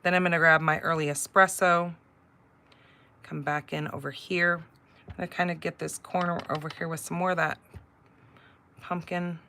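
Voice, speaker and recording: A woman's voice: lowish voice, flat delivery, moderate pace, long pauses, pushed and bright, a little hiss or hum. A middle-aged woman hosting a live card-making class, chatting casually and rambling into stories with filler words while she works. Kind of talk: casual live crafting demonstration.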